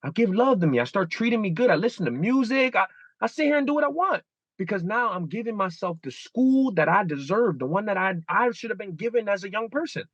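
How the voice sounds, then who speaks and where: A man's voice: a little fast, no room sound, lo-fi sound. A man in his thirties, a guest in a candid interview, talking animatedly and acting out his own inner dialogue. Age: 30s. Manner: animated, acts out inner dialogue with shifting pitch.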